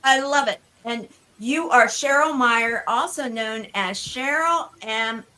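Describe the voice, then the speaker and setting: A woman's voice: a little high, slow, sharp tone. A woman hosting a live online party show over a video call, effusive and bubbly as she calls on each guest. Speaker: show host.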